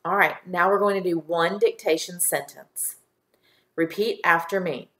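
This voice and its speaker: A woman teacher giving a recorded phonics lesson for young children, speaking slowly and clearly as she sounds out words and spells them letter by letter. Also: on the low side, a bit bright. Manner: slow, clear, patient instruction, sounding out words.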